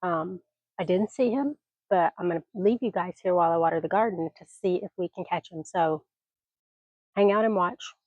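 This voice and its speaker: A woman's voice: fairly low pitch, moderate pace, a little mellow, no echo, muffled recording. Chatty retired woman with a scratchy voice. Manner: chatty, rambling, folksy asides. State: scratchy voice from allergies. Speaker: vlogger. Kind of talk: casual vlog chat. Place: outdoors on a mountain homestead porch and garden. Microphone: phone camera.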